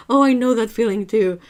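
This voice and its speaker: A woman hosting an art livestream, chatting casually with viewers, emphatic and lively. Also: on the low side. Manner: chatty, answers viewers' chat.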